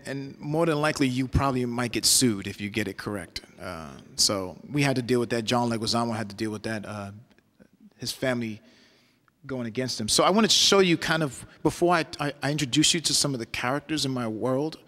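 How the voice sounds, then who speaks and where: A man's voice: medium pitch, brisk, fairly bright tone. A man giving a loose, conversational talk as a guest lecturer, often checking in with "right?". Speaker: guest lecturer, solo performer. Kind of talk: university lecture with storytelling. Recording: long hall reverb.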